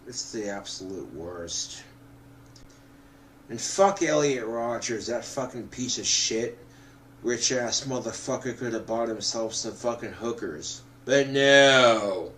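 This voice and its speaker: Drunk man, slow drawling talk, heavy swearing, sudden loud bursts, faint background hum. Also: medium pitch. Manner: profane, swings into loud outbursts. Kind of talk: rambling monologue to camera.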